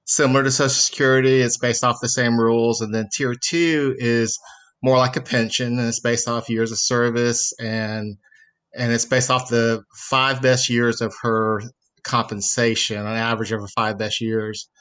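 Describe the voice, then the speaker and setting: A man's voice: mid-range voice, little pitch movement, normal speed, fairly bright tone, clean tone. A man in his fifties from Mississippi with a Southern accent, calling a podcast and earnestly explaining his situation step by step, with many fillers. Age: 50s. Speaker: caller. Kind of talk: casual chat.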